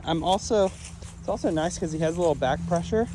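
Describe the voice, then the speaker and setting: A man working as a dog trainer, talking casually through a training walk outdoors on a trail and breaking into high sing-song praise for the dog. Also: a little fast, darkish tone, a little hiss or hum. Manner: laid-back, chatty, laughs often. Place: outdoors on a wooded trail near a creek.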